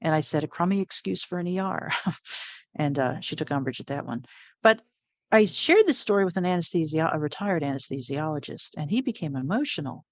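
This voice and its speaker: A middle-aged woman, an interview guest, telling a personal story in a lively way, often laughing and acting out what people said. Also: low-pitched, brisk. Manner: animated, laughs often, acts out quoted lines.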